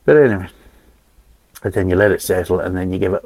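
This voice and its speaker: Gravelly low-voiced man, sweary and rambling. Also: quick pace, pauses often, darkish tone, no room sound, rough recording. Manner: blunt, sweary, rambling asides. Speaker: beer reviewer. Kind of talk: casual rambling beer review.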